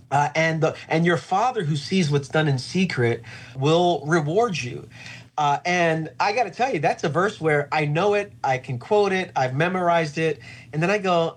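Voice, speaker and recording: A man who is a pastor, speaking earnestly and reflectively in an interview about faith, slowing down to stress key phrases. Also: fairly high pitch, expressive, husky.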